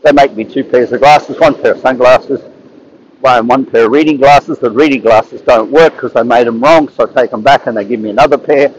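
A man's voice: medium pitch, fairly quick, slightly rough, low-quality recording. Rambling man telling stories. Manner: rambling, repeats and restarts words. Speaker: speaker sharing advice. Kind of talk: casual storytelling monologue.

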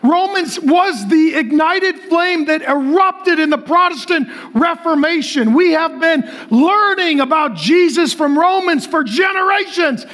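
A middle-aged man preaching to a large congregation, excitable and joking, often yelling as he talks. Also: extremely high pitch. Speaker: pastor. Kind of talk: energetic shouted sermon. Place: large church auditorium with a live congregation.

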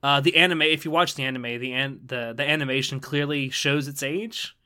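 A man chatting casually as a podcast co-host, his voice bright and forward. He rambles along, filling pauses with ums and starting sentences over. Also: mid-range voice, steady tone, smooth. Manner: rambling, lots of ums and restarts. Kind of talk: casual chat.

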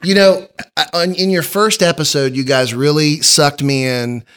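A man's voice: on the high side, steady tone, moderate pace, a bit bright, smooth. Rambling man hosting a podcast. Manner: rambling storyteller with many restarts. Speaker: podcast host. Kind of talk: casual podcast chat.

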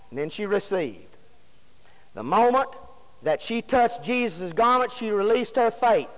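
A man preaching a sermon in a very high voice, folksy and emphatic. He keeps putting questions to the congregation. His voice rings with the long reverb of a church hall.

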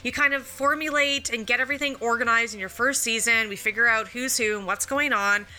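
A woman's voice: on the high side, fairly quick, bright, forceful tone. A woman in her thirties co-hosting a casual chat about a TV show, enthusiastic and profane, with many filler likes. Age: 30s. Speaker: podcast co-host.

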